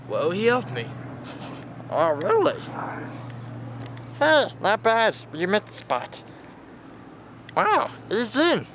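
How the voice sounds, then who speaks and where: Lively high-voiced man acting out toys. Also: slight background noise. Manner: animated, with frequent gasps and exclamations. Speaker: toy-play storyteller voicing all characters. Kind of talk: improvised toy play narration.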